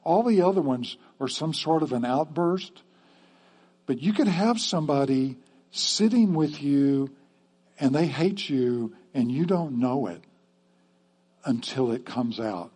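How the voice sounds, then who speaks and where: A man's voice: on the high side, lively intonation, measured pace, darkish tone, breathy edge. A man preaching a sermon to his church in a conversational way, often checking in with the congregation with "okay?". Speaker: pastor.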